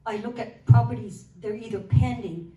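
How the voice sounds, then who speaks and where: A woman shares her story in a casual, animated way, slipping into the voices of the people she quotes. Her voice is mellow and dark, heard from some way off the mic in a roomy hall with a faint hiss behind her. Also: a little high, moderate pace, far from the mic. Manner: animated, acts out quoted dialogue. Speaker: guest sharing a testimony. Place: church hall.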